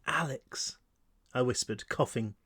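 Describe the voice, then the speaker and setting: A man reading his own novel aloud in the first person, expressive and conversational, at home. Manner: expressive reading with wide pitch swings, asides to listeners. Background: child screaming downstairs.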